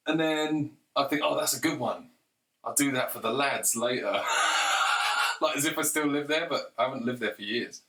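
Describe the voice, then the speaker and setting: A man's voice: mid-range voice, fairly bright tone, recorded from a distance. A man rambling through a crude comic monologue, chatty and repeatedly urging the listener on. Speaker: comedian.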